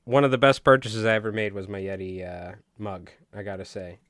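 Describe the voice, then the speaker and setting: A man's voice: lowish voice, steady tone, brisk, a bit bright, no echo, clean studio sound. A young man with a Long Island accent chatting casually and jokingly on a live stream while tying flies, rambling with many fillers.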